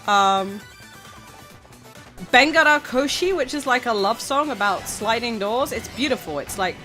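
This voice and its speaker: A woman's voice: on the high side, lively intonation, unhurried, pushed and bright. A woman streamer chatting casually, rambling and giggling, with frequent stammering restarts. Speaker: VTuber streamer. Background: faint background music.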